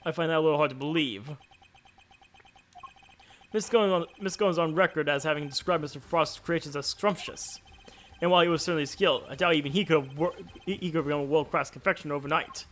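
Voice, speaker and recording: A man voicing a composed male prosecutor, reasoning through the case in a measured way while reading game dialogue aloud. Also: fairly high pitch, a bit bright, slight background noise, lightly acted.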